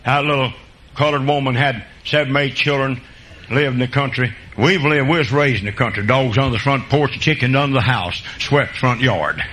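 A man preaching a sermon and telling folksy country stories, jumping between loud high bursts and low quiet asides. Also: moderate pace, slight background noise, low-quality recording.

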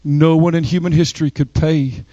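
A male preacher with a high voice delivers a sermon with emphatic, dramatic pauses and soaring rises. The sound is dry and close, with little room around it. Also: fairly even intonation, mellow, no room sound, muffled recording.

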